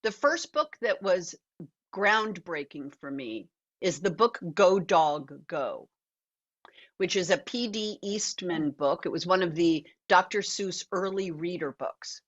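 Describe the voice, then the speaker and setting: An older woman speaks as an interview guest over a video call, the audio slightly dull and muffled. She talks in an earnest, reflective way, turning animated and laughing as she tells stories. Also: lowish voice, takes it slowly. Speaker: interview guest, actor and author. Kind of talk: reflective conversational storytelling.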